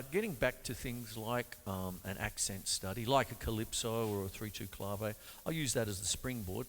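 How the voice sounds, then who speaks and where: A man's voice: fairly low pitch, noisy background. A man from Australia hosting a casual drum lesson, talking loosely through ideas and scatting beat syllables between demonstrations. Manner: chatty, loose explanations with sung beat syllables. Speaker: drum teacher and show host. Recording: long hall reverb with loud drums. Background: drum kit playing.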